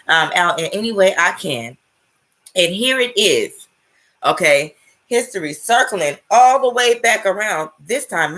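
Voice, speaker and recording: Low-voiced woman telling a personal story. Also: a bit bright. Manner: emphatic, checks in with frequent "right?" and "okay?"; swears casually. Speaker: spiritual vlogger.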